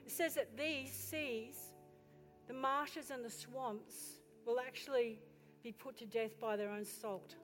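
A woman pastor preaching a sermon with passion, building to loud exhortation and turning to the congregation with chatty questions and asides. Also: a little high, fairly even intonation, slow. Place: church. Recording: echoey hall with faint music.

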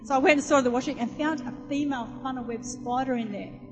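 A woman preacher with a high voice, telling homely stories and calling out questions to her listeners. Her voice rings with a long hall reverb. Music plays clearly underneath. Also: steady tone, fast. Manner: chatty storytelling, asks the audience questions. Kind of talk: sermon.

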